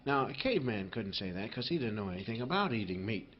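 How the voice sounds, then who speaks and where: A man telling stand-up stories live in a rambling, animated way, full of "you know". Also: on the low side, quick pace, slight background noise. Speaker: stand-up comedian. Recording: dull live album with crowd laughter. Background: audience laughter.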